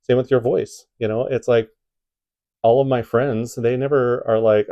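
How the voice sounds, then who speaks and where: A man's voice: mid-range voice, fairly even intonation, measured pace, mellow, highs cut off. A man with a Midwestern accent giving casual advice to camera from home, rambling with many fillers and restarts. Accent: Midwestern American. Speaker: YouTube creator giving tips.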